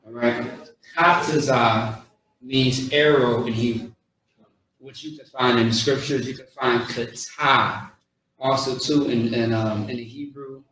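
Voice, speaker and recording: A man's voice: mid-range voice, steady tone, normal speed. A man teaching pronunciation in a coaching, repetitive way, drawing out sounds. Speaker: street teacher. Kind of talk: outdoor pronunciation lesson. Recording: echoey, from far off.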